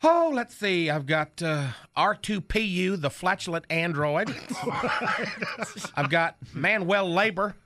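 A man's voice: high voice, lively intonation, slow, pushed and bright. A man playing a smug, boastful comic in a scripted morning radio bit. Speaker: comedy sidekick on a morning radio show.

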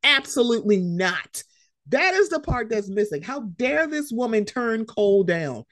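A woman co-hosting a casual chat about reality TV, slangy and animated, acting out quotes as she talks. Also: on the high side, a little slow. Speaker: podcast co-host.

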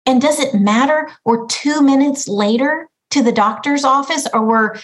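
A middle-aged woman with a slightly high voice talks earnestly as a guest on a podcast. She often acts out the thoughts in her own head. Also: moderate pace, rough recording. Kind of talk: reflective conversation.

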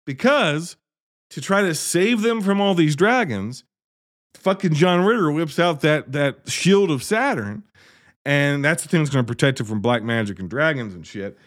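A man rants through a movie plot with sarcastic, exasperated humor and constant swearing. His voice sits a little high and swings widely in pitch as he builds to mock outrage. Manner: sarcastic, exasperated, swears freely, acts out characters' lines. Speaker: movie reviewer. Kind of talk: profane comedic movie recap.

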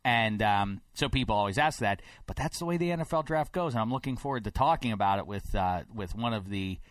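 A man from Pittsburgh hosting a sports talk show in a studio, rambling and getting more animated and emphatic as he goes. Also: fairly low pitch, a little fast, dry recording. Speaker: sports radio host. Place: broadcast studio.

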